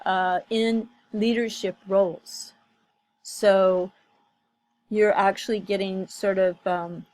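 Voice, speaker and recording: A woman's voice: medium pitch, poor audio. A woman talking through commentary on a video clip, thoughtful and hesitant, full of fillers and restarts. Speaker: commentary vlogger.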